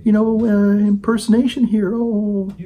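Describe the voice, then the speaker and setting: A man putting on the voice of a simpering, frightened young woman, with a cracking, quavering voice and breathy sighs. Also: high-pitched, level tone, a little slow, mellow, voice pushed up, low-quality recording. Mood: mock-fearful. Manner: breathy, sighing "oh"s, mocking.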